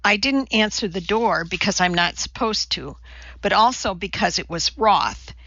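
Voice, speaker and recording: A woman's voice: mid-range voice, animated, unhurried, a bit bright, no echo, highs cut off. Woman doing a tearful, confessing little girl. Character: young girl, upset and guilt-ridden.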